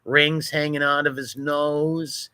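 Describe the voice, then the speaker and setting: Sharp-voiced mocking male commentator. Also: a little high, level tone, takes it slowly, no echo. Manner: mocking, profane, running insults. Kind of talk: reaction commentary over video.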